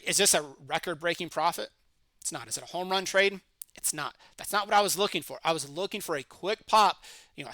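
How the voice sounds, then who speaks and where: A middle-aged man walks through a trading lesson in a confident, steady voice, posing and answering his own questions. His voice sits high and bright. The mic is close and dry, with no room sound. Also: no echo. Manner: confident, steady explanatory delivery with rhetorical questions. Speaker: trading educator. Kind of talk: screen-share market lesson.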